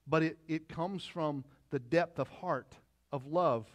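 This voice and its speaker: A man's voice: fairly high pitch, takes it slowly. A middle-aged pastor preaching a conversational sermon with repeated phrases and asides to his congregation.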